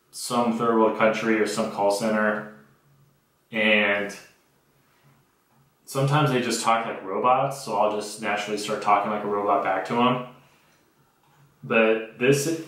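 A man's voice: on the low side, a bit bright. Sarcastic young man in an echoey room. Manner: blunt, profane, sarcastic storytelling. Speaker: podcast host. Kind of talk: casual comedic podcast monologue. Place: homemade home studio.

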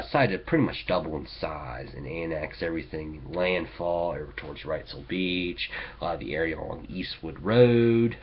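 A man's voice: low voice, highs cut off, slight background noise. A man hosting a political commentary show, sarcastic and mocking toward local officials. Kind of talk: opinionated commentary.

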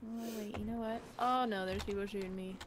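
A woman's voice: medium pitch, fairly even intonation, fairly quick, background noise. A woman streaming a video game, chatting casually and teasing her friends in a playful, giggly way. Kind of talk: casual gaming chat.

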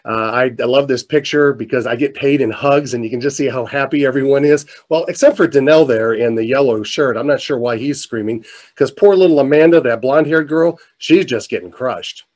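A middle-aged man telling a story in a keynote talk, animated, his voice climbing as he gets excited. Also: medium pitch, a little fast. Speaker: motivational speaker. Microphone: presentation mic, virtual showcase.

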